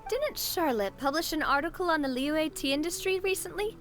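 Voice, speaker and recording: A woman's voice: high-pitched, expressive, brisk, fairly bright tone, faint music behind. A woman voicing a cheerful, sociable young woman in a video game, friendly and bubbly in manner. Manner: bubbly, friendly, calls others partner.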